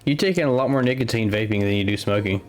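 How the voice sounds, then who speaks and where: This man co-hosts and commentates a live tabletop game stream, chatting casually and laughing easily. His voice is lowish and a little mellow, and he talks quickly.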